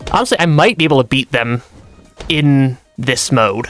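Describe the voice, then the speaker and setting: Let's-play streamer, casual, giggly, rambling self-corrections, animated pitch, faint game music behind. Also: a little slow, no echo. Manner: chatty, giggles often, trails off and restarts sentences. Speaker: gaming streamer.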